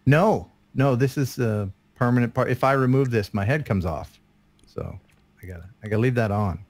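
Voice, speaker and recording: A man's voice: mid-range voice, moderate pace. A man in his fifties co-hosting a live stream, chatty and self-deprecating, often trailing off and laughing. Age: 50s. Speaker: guest co-host. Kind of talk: casual live-stream chat.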